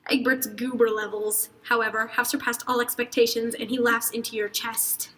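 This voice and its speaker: A woman's voice: fairly high pitch, flat delivery, moderate pace, hardly any pauses, sharp tone, low-quality recording. A young woman reading a fan fiction story aloud with friends, dropping crude joking asides. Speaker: reader.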